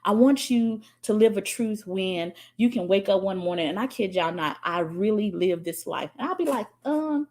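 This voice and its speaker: A woman's voice: mid-range voice, animated, moderate pace, few pauses, darkish tone. A woman spiritual coach, giving a profane, dramatic motivational talk and reading out viewer comments. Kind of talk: live-stream motivational talk.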